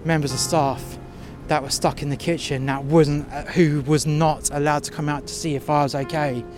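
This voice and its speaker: A man's voice: a little high, level tone, music in the background. A man telling a workplace story outdoors in the freezing cold, blunt and full of profanity. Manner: blunt and profanity-laden, slowing when tired. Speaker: storyteller recounting a workplace incident. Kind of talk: profane angry first-person storytelling. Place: outdoors in sub-zero cold.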